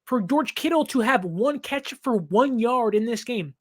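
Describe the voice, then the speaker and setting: A man's voice: very high-pitched, expressive, a little slow. A man in his twenties hosting a sports reaction show, talking in an emphatic, impassioned way and laughing now and then. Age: 20s.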